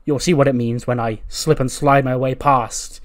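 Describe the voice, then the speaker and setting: A man's voice: medium pitch, fairly even intonation, moderate pace, lightly acted. A man voicing a cocky male wrestler who boasts about his next match. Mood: boastful.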